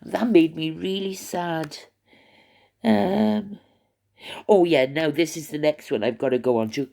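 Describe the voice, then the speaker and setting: A woman's voice: low voice, unhurried, vocal fry, warm tone. An older woman vlogging from her retirement home, chatting in a rambling, gossipy way with many fillers. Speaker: YouTuber. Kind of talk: casual chat to camera.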